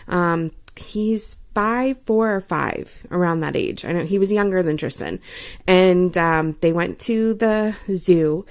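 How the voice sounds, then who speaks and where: Giggly rambly woman, thirties, chatting from her bed, lowish voice. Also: takes it slowly, darkish tone, clean tone. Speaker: vlogger. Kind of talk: casual chat about books.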